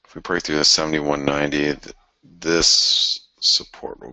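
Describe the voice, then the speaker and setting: A man hosting a live forex trading show, talking through charts in an excitable, thinking-aloud way with frequent exclamations. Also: a bass voice, measured pace, gravelly, no room sound. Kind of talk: live market commentary.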